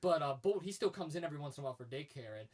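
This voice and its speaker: A young man co-hosting a casual podcast on a headset mic. He talks in an animated way, laughs often, and jumps into high, excited voices when he tells stories. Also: racing. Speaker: podcast co-host. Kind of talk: casual chat.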